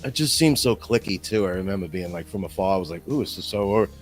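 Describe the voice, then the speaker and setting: A man's voice: low-pitched, expressive, quick pace, soft background music. A man in his fifties co-hosting a podcast, telling rambling, profane stories and acting out quotes in casual chat. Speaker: podcast co-host.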